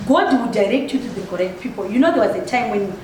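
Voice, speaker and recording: A woman's voice: mid-range voice, animated, fast, slight background noise. Earnest woman preaching from far off in an echoey hall. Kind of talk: preaching about giving. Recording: very echoey hall, distant mic.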